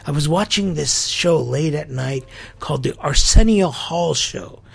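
A man's voice: on the high side, lively intonation, unhurried, gravelly, husky. A middle-aged man hosting a podcast, talking through an opinion monologue in an incredulous, rhetorical way. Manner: incredulous, rhetorical, acts out quotes. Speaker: podcast host.

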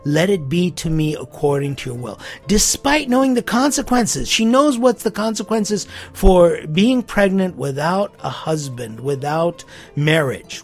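Guy preaching a sermon, chatty and lively, bit high, gravelly raspy voice, faint music behind. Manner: lively, conversational, with asides and quick questions.

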